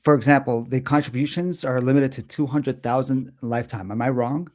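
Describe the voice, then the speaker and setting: A man in his forties joins a casual livestream as a guest co-host. His voice is mellow and dark, and he talks hesitantly, stopping and restarting his thoughts. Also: medium pitch, a little fast. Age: 40s. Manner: hesitant, lots of fillers and restarts.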